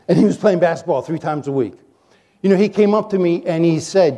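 A male pastor preaching a sermon, telling stories in an animated, joking way as he coaches his listeners. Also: fairly high pitch, moderate pace, long pauses. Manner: animated, jokey storyteller who coaches the audience. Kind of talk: sermon with storytelling.

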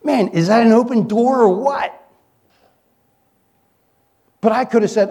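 A male pastor preaching a sermon, telling stories in an animated, joking way as he coaches his listeners. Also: extremely high pitch, unhurried. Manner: animated, jokey storyteller who coaches the audience. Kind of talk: sermon with storytelling.

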